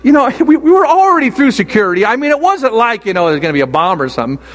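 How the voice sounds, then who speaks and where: An older man preaching a sermon as a pastor, telling stories with many halting restarts. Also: very high voice, big pitch swings, fairly bright tone. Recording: long hall reverb.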